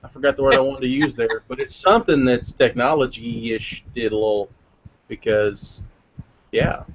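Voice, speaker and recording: A man's voice: medium pitch, measured pace. A man co-hosting a casual podcast, joking around and rambling with restarts as he talks. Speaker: podcast co-host. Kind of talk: casual chat. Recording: dull lo-fi audio with faint noise.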